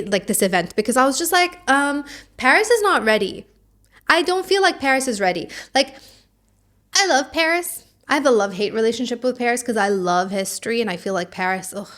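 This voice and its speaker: A woman's voice: a little high, fairly bright tone. Sassy, rambling woman podcast host. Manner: sassy, opinionated, rambling with many "like"s; puts on a mock French accent. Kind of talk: casual podcast chat.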